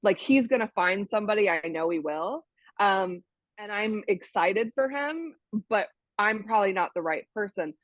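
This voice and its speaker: A woman's voice: mid-range voice, animated, normal speed, dry recording. An American woman chatting casually as an interview guest, telling stories with many restarts over a video call. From United States. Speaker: guest, dating site member. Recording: dull, dry lo-fi sound.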